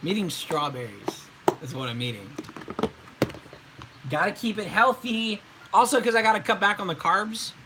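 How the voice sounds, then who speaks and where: A man's voice: high-pitched, animated, normal speed, pauses often, noisy background. A man in his twenties, a voice actor, chatting casually on a live stream and answering viewer questions in a laid-back way.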